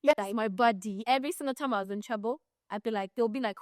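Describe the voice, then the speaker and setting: A young Ugandan woman co-hosting a podcast, telling a story in a casual, animated way and acting out the other people in it. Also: on the high side, fast talker, few pauses, no echo, clean studio sound. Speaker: podcast co-host.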